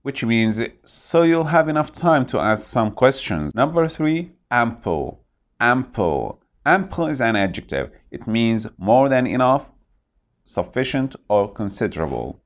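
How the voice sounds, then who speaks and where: A man teaching English vocabulary, saying each word slowly and repeating it to model pronunciation. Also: mid-range voice, big pitch swings. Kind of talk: vocabulary lesson.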